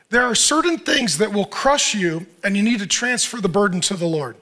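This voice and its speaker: A man's voice: sits high, animated, normal speed, few pauses, sharp tone. A middle-aged male pastor preaching a sermon in a conversational way, asking the listeners questions and acting out what people say. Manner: conversational preaching with rhetorical questions and acted-out quotes.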